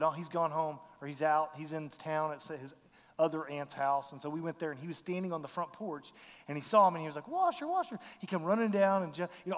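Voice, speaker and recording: A man's voice: fairly high pitch, in a large hall. A man, earnestly telling a mission story to a congregation, acting out the dialogue. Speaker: missionary speaker.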